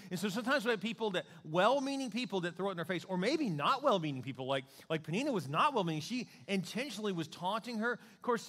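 A male pastor preaching a sermon in a conversational, joking and animated way. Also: high voice, long reverb tail.

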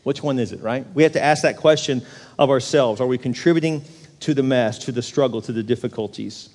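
A pastor preaching a sermon in a church, telling humorous stories and putting questions to the congregation in an animated way. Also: male voice, medium pitch, a little fast. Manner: animated, humorous storytelling that asks the crowd questions. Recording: long reverb of a large hall.

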